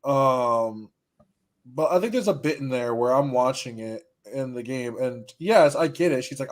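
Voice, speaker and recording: A man co-hosting a casual video chat, joking and animated, often acting out quotes. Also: mid-range voice, a little slow. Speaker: co-host of a ranking video.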